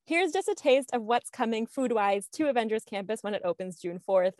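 A woman co-hosting a casual chat show reads out news items with bubbly, giggly enthusiasm. Her voice is on the high side, expressive and brisk with a darkish tone, recorded at studio quality with no echo.

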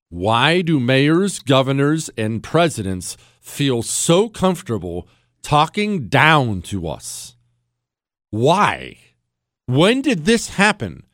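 A man's voice: fairly high pitch, a bit bright, no echo, studio quality. A man hosting a podcast, delivering indignant political commentary full of emphatic rhetorical questions. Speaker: podcast host.

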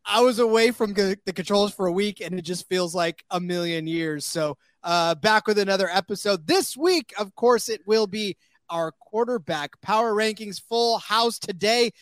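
High-ish guy hosting a betting pod, rambly and jokey, dry close mic. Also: moderate pace, a bit bright, no room sound. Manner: chatty, jokey, many fillers. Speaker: podcast host. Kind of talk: casual sports betting chat.

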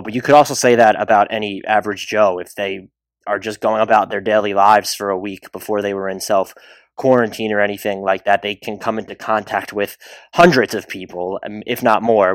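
Chatty low-voiced male podcast host. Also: dry recording. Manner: chatty, rambling with restarts and asides. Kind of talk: solo podcast mailbag.

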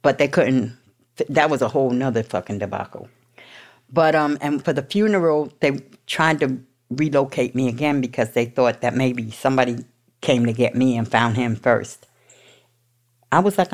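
Speaking at an ordinary speed, this woman has a bass voice and comes from New York. She tells a listening audience her recovery story with blunt candor, cursing and visible emotion.

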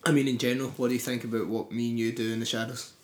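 A man co-hosting a relaxed podcast, possibly with a lilt. He keeps the banter going with teasing jabs and frequent laughs, at a middle pitch. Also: very fast, reverberant. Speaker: podcast co-host. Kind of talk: casual banter.

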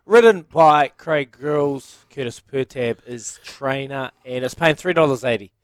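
A man's voice: medium pitch, measured pace, no echo, studio quality. A man with a New Zealand accent, co-hosting a radio show in casual banter and acting out stories with quoted voices. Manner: animated storytelling, acts out quotes. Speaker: radio co-host.

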